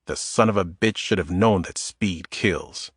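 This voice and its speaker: A male audiobook narrator telling the story in a steady, measured voice. His pitch sits on the low side, and the sound is dry and close with no room around it. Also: slightly rough, no echo. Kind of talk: scripted narration.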